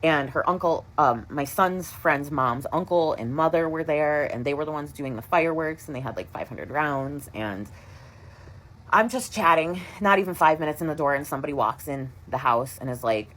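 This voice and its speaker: A woman's voice: low voice, normal speed, fairly bright tone, poor audio. A woman in her thirties tells an upsetting personal story, shaken and rambling with lots of fillers. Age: 30s. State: shaken and distraught.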